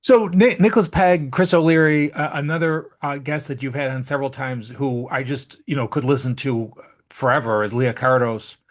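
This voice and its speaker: A man with a mid-range voice asks questions in a casual interview. He hesitates and restarts as he works toward his point. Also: medium pitch. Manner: halting, with frequent fillers and restarts. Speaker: podcast interviewer.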